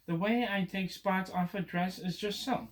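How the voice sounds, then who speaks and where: A man's voice: sits high, normal speed, voice pushed up, lightly acted. A man playing The Cat in the Hat, gleeful and boastful. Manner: gleeful and confident. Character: cheeky, boastful grown male cat.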